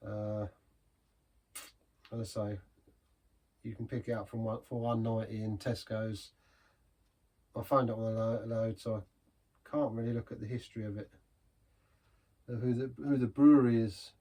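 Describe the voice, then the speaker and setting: A man's voice: fairly low pitch, little pitch movement, normal speed, pauses often, darkish tone. A man giving a casual, rambling beer review in a pub, chatty and self-deprecating.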